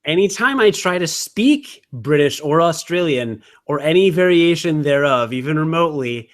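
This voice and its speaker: Chatty man, a bit high. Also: expressive, normal speed. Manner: rambling, self-mocking, trails off with fillers. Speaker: podcast co-host. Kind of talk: casual chat.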